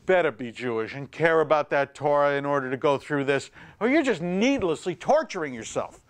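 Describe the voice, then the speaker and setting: Man, middle-aged comedy host, exasperated, self-mocking, high voice, lively swings in pitch. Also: fairly quick, few pauses, faint music behind. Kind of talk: stand-up comedy monologue.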